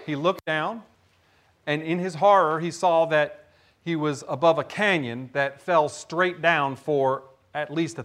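A man preaching a sermon as pastor, telling a story with animated shouts. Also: on the high side.

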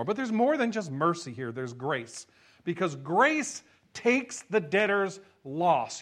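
A man's voice: a little high, big pitch swings, slow, fairly bright tone. A male pastor reading scripture and preaching in a conversational way with rhetorical asides. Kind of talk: sermon.

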